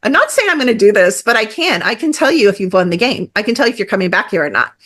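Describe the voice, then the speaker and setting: A middle-aged woman talking as a guest on a podcast, animated and emphatic, with many fillers and acted-out quotes. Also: medium pitch, fast. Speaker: guest energy healer. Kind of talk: casual podcast conversation.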